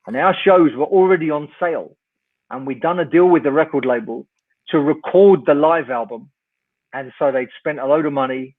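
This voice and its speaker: A man's voice: a little high, moderate pace. An older man, a guest telling a long anecdote, wryly acting out both sides of the dialogue. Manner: lively raconteur, wry, acts out the dialogue. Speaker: guest, rock singer. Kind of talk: storytelling anecdote in an interview. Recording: tinny phone-like line.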